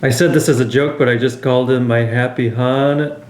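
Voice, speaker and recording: A man's voice: medium pitch, fairly even intonation, moderate pace, roomy sound. A man in his thirties, a comedian guest who talks awkwardly and hesitantly in casual chat. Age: 30s.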